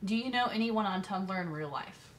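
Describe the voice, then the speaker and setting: A woman's voice: medium pitch, lively intonation, normal speed, very noisy. A young woman in casual chat, laughing often and a little self-conscious. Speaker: vlogger.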